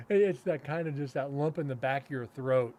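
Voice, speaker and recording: Telling a long story casually, a paranormal investigator and podcast host speaks in a medium-pitched, darkish-toned voice. He rambles, often using fillers and restarting his sentences, chuckles, and acts out what other people said in quick quotes.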